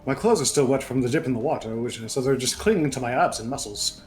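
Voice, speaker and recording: A man's voice: medium pitch, expressive, fast talker, a little mellow, faint music behind. Playful man gaming partner. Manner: playful, teasing. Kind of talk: casual gameplay chat.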